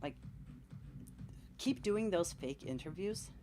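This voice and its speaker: A woman in her forties from Scandinavia chats to viewers on a late-night stream, her voice sitting low. She rambles through stories full of "like" and urges people to believe in themselves. Faint music plays behind her at home. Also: slow. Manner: rambling, animated, encouraging, lots of "like". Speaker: tattoo artist streaming live. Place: at home in a cold room, painting.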